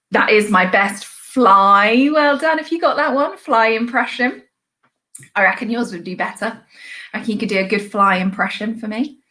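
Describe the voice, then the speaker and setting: Upbeat woman teaching young children. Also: a little high. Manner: bright, encouraging, sing-song praise. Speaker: primary school teacher. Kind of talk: recorded online lesson for young children.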